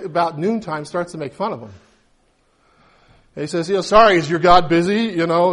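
Storytelling male preacher with a high voice. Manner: storytelling, acts out quoted lines; conversational, with asides and laughs. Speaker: pastor. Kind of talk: sermon.

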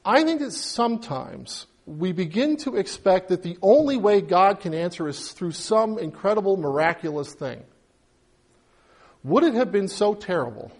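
High-voiced man preaching conversationally. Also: sing-song, normal speed, darkish tone. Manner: conversational preaching, acts out little dialogues. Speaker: pastor. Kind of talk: sermon.

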